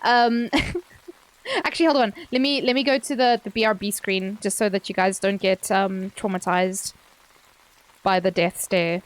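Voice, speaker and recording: A woman VTuber streaming a game in casual live commentary, excitable and squealing, swearing freely into a desk microphone. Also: mid-range voice, unhurried.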